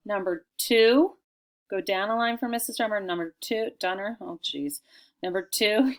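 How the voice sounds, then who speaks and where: A middle-aged woman teacher dictating a recorded spelling lesson for children, sounding out each word slowly and clearly. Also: mid-range voice.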